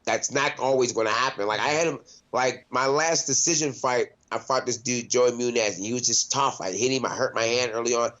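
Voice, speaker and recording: A man's voice: medium pitch, brisk, fairly bright tone, lo-fi sound. A man, a mixed martial arts fighter, chatting casually in an interview, loose and profane with lots of laughs and restarts. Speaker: MMA fighter, interview guest.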